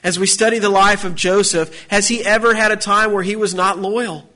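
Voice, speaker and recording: High-voiced man preaching a sermon. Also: fairly even intonation, normal speed, bright, forceful tone. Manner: preaching with rising emphasis and repeated phrases. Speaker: pastor.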